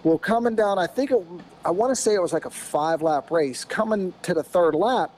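An American man in his fifties, a podcast guest telling a racing story in a rambling, animated way with lots of "you know"s. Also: high-pitched, a little fast, slight background noise, poor audio. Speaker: podcast guest, former off-road racer. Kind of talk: casual storytelling.

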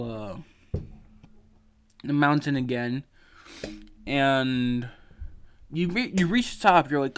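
A sleepy, yawning man hosting his podcast, casually recapping a video game's story in a rambling way, full of fillers and swearing. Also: medium pitch. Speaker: podcast host.

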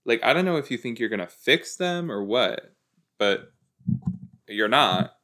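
Slow, rambling young man chatting. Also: mid-range voice, animated, bright, forceful tone. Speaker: podcast host reacting to a TV episode. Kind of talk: casual chat. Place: lying down at home.

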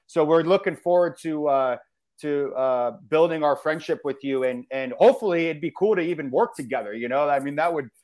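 A man speaking as a podcast guest in casual chat, halting and hesitant. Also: fairly high pitch. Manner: halting, full of fillers and restarts.

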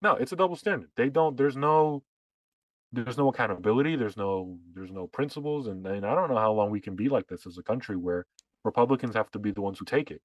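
A man holds forth on a political podcast, sarcastic and full of restarts as he builds his point. His voice sits at an ordinary pitch, recorded dry and close with no room sound. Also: animated, quick pace, dry recording, low-quality recording. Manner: sarcastic, talks in long runs with restarts. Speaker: podcast co-host. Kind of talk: casual political chat.

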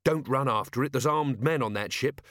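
A man reading an audiobook, voicing a sharp young woman of the city watch who talks in a dry, practical way. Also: mid-range voice, fairly quick, no room sound, close to an everyday voice. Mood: wry.

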